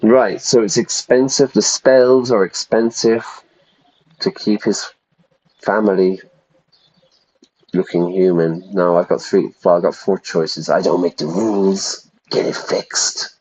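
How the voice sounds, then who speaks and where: A man's voice: low voice, steady tone, slow, a little mellow, husky. A man who teaches English, playing a game on stream and chatting casually as he explains words for learners. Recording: dull, lo-fi sound.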